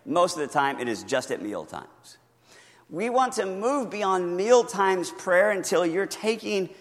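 A man's voice: on the high side, big-room sound. A man preaching a teaching sermon from notes, talking conversationally, asking the congregation questions and stressing key words. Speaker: pastor.

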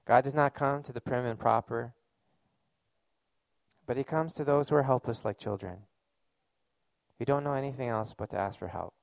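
Male pastor, gravelly, dry close sound, casual earnest sermon delivery. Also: medium pitch, moderate pace, pauses often, no echo. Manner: conversational, earnest preaching with casual fillers.

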